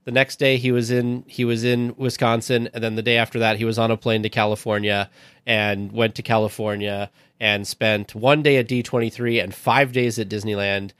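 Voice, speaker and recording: A man's voice: on the low side, little pitch movement, moderate pace, a bit bright, clear, resonant tone, dry recording, studio quality. A man hosting a podcast, telling a personal story in an earnest, heartfelt casual way.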